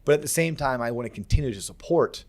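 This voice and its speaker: A man's voice: medium pitch, expressive, fast, darkish tone. A man hosting a casual podcast, talking emphatically and acting out conversations he quotes. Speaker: podcast host.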